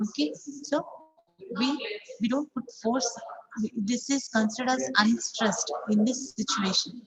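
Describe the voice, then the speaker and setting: A woman's voice: fairly high pitch, a little slow, a bit bright, faint music behind, rough recording. Woman teacher drilling stress patterns. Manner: explains step by step, repeating 'okay, so' and drilling example sentences aloud. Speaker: English teacher. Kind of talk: online class lecture.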